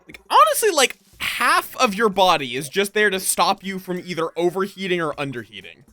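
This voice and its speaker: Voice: medium pitch, big pitch swings, normal speed, pushed and bright. A streamer chatting casually through a live game session, rambling, swearing freely and at times drifting into a mock accent. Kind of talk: live gameplay commentary.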